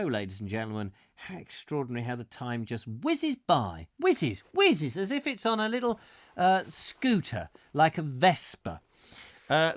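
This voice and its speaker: A man's voice: fairly high pitch, fairly bright tone, dry recording. A middle-aged man hosting a live comic chat show, reading out viewer comments with playful, rambling jokey asides.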